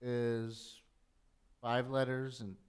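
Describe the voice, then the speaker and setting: Male panelist: calm, pedantic questioner, mid pitch. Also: very slow, clear, resonant tone. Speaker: comedy panelist. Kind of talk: mock cross-examination.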